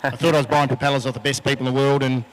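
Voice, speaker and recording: A man's voice: mid-range voice, little pitch movement, very fast. A man with an Australian accent, a boat racing driver speaking frankly in a post-race interview outdoors on a handheld microphone. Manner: frank, plainspoken.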